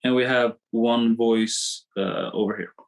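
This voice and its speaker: Man, coach, online webinar, lively teaching, repeats phrases, computer mic. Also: mid-range voice, a little slow, poor audio. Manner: animated, repeats himself, drawing on screen.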